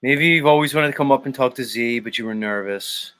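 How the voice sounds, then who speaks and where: A man's voice: mid-range voice, brisk, sharp tone, smooth. A man hosting a morning livestream in casual chat, reading out the chat, laughing a lot and swearing. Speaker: livestream host.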